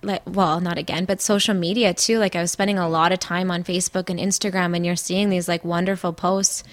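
Young woman on a podcast, candid and halting, dry close sound. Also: fairly low pitch, little pitch movement, no room sound. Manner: candid, halting, often breaks off mid-sentence. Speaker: podcast co-host. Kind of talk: emotional casual chat.

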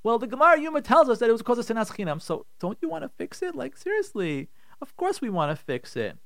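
Animated, emphatic rabbi on the radio. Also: male voice, very high voice, quick pace, creaky, no echo, studio quality. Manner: emphatic, repetitive, acts out quoted complaints. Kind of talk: animated radio advice talk.

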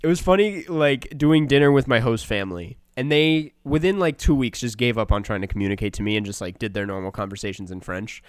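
Young man, podcast co-host, casual chat, animated storytelling, smooth resonant voice, dry close sound. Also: mid-range voice, brisk, hardly any pauses, dry recording. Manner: animated storytelling, frequent laughs.

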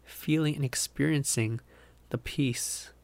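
A man's voice: medium pitch, steady tone, takes it slowly, gravelly. A young man, a pastor hosting a podcast, talking through a Bible verse in a casual, earnest, rambling way. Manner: earnest, rambling, self-interrupting with laughs. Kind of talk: casual devotional talk.

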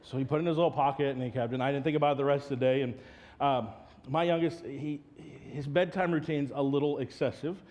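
A man's voice: mid-range voice, fairly even intonation, fast talker, a little mellow. A man preaches a sermon in a mid-range voice. He tells funny family stories and then turns earnest and direct with his listeners. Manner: humorous storytelling, then earnest teaching. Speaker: pastor.

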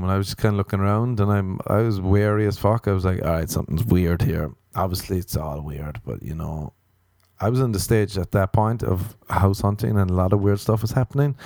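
An Irish man hosting a comedy podcast, telling a long story in a flat, deadpan voice. His voice sits fairly low and he swears casually. The sound is close and dry, with no room echo.

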